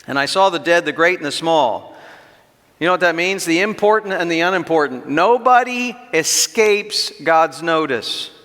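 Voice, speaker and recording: A middle-aged man preaching an expository sermon in a fairly high, bright and forceful voice. He drives his points home with rhetorical questions and slows down on the key words. His voice rings out with a long reverb, as in a church hall. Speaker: pastor teaching an equipping class.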